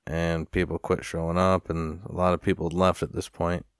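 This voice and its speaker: Low-voiced man, rambling profane vlog rant, dry close sound. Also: flat delivery, normal speed, clean tone, dry recording. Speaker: vlogger. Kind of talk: casual storytelling rant.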